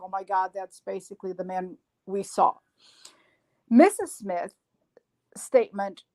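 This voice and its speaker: A woman guest on a podcast, retelling events in an animated way with frequent restarts and fillers. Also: mid-range voice. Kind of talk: casual podcast discussion.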